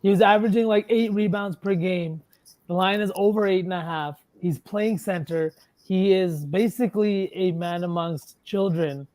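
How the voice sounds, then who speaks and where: A man's voice: high-pitched, a little mellow. A man co-hosting a sports betting podcast, chatting loosely and swearing freely as he thinks aloud. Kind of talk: casual chat.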